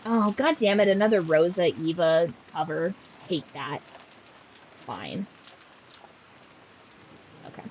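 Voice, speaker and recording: A woman's voice: fairly low pitch, lively intonation, slow pace, long pauses, darkish tone, slight background noise, rough recording. Sarcastic, swearing woman streamer. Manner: sarcastic, profane, joking. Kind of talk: casual game stream commentary.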